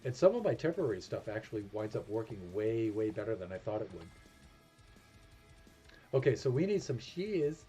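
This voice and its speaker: Low-voiced New England man streaming. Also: very animated, normal speed, warm tone. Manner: chatty, self-deprecating, thinking aloud. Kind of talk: casual gameplay commentary. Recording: music playing behind.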